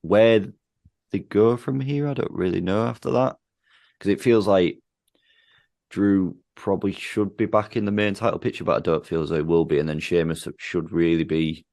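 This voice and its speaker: A man's voice: deep voice, steady tone, normal speed, gravelly, darkish tone. A man co-hosting a casual wrestling chat, blunt and grumbling, with swearing. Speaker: podcast co-host.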